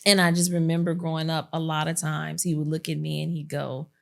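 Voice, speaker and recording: Low, gravelly-voiced woman hosting a podcast. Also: a little fast. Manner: lively storyteller who acts out quotes and laughs often. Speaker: podcast host. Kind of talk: casual sit-down chat.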